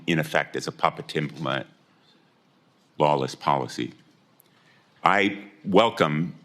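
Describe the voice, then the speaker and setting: An older man with an extremely deep voice questions a nominee at a formal hearing. He speaks in a measured, deliberate way and makes pointed charges. He is heard through a desk microphone in a hearing room. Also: a bit bright.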